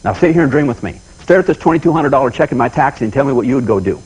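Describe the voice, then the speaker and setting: Fast-talking folksy man with a husky voice. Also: mid-range voice, poor audio. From United States. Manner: folksy storyteller, animated, repeats himself. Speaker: seminar speaker. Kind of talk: motivational talk.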